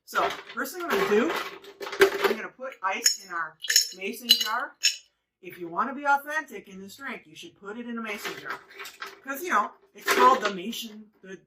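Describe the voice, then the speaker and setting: A woman's voice: medium pitch, sharp tone, recorded from a distance, slight background noise. A woman hosting her own home cocktail show, chatting casually to viewers as she mixes a drink step by step. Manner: chatty, talks to viewers while mixing. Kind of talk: casual cocktail-making demo.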